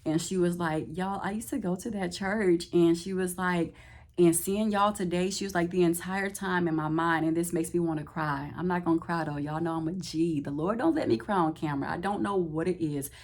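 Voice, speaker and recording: A woman chats to the camera, and her slightly low voice leaps up high whenever she acts out someone else's words. She laughs often and keeps the story moving in lively, casual bursts. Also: brisk. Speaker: vlogger. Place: Houston, Texas.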